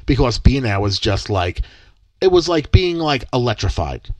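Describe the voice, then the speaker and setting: A man's voice: mid-range voice, moderate pace, no room sound. A young man and podcast co-host, telling a story in casual chat and acting out the quoted dialogue with lots of energy. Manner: animated, acts out quoted dialogue.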